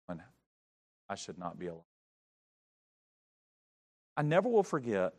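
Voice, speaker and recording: A middle-aged man preaching, telling a story with big swings from shouting to hushed tones. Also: on the low side. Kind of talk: sermon storytelling.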